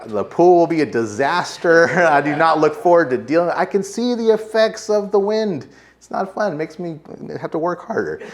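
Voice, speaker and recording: A man with an American accent, a pastor preaching a sermon in a casual, conversational way, with frequent fillers. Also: on the high side. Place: church sanctuary.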